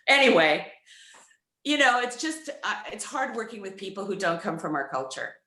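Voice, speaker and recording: A woman's voice: medium pitch, sing-song, normal speed, bright, forceful tone, echoey room. A woman actor answering a press question on a video call, hesitant and thoughtful, laughing between phrases. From United States. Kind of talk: virtual press conference answer.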